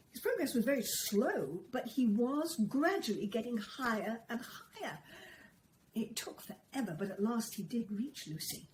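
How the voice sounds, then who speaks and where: A woman reading a children's story aloud, in a gentle, expressive storytelling manner. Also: a little high, slight background noise, rough recording.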